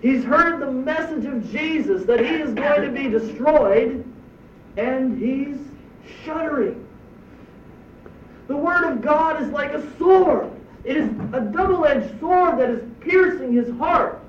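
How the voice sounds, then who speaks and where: An emphatic male pastor delivering a sermon, full of rhetorical questions, in a notably high voice. He sounds distant and a little muffled, with a roomy echo and faint background noise. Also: takes it slowly. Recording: echoey distant dull church recording.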